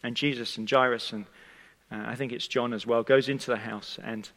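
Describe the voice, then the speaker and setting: With a bright, forceful voice at medium pitch, a man delivers a sermon, telling the story conversationally and frequently turning to address his listeners. His tone is steady, his speed normal, and he pauses often as his words ring with a long church-hall echo.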